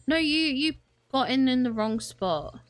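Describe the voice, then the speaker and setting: A woman's voice: sits high, lively intonation, takes it slowly. Flustered woman streaming a game. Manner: flustered, talks to herself, frequent laughs and exclamations. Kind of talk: gaming livestream commentary.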